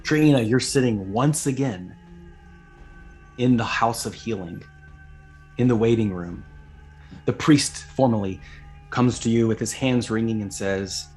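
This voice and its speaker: A man running a tabletop game as dungeon master, narrating in a measured storytelling way and briefly voicing characters. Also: mid-range voice, a little mellow, soft background music.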